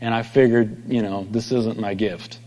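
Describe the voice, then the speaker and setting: A middle-aged pastor giving a conversational sermon, telling stories and acting out quoted voices. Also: male voice, lowish voice, fairly even intonation, moderate pace, a little mellow. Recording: long hall reverb.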